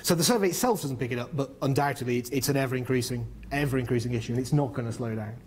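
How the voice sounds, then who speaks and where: Middle-aged guy from the north of england, mid-pitch voice, lots of ums, talking at a panel. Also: racing, a little mellow, slight background noise. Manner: fluent, with many ums and restarts. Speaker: panel speaker on business and infrastructure. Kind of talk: explaining at a public discussion.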